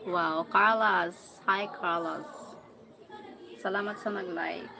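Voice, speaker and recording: A woman's voice: lowish voice, fairly even intonation, slow, crowd noise. Playful Filipino woman live streaming. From Philippines. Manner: playful, teasing, mixes Tagalog into English. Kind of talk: casual live-stream chat reading comments. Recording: clear background noise.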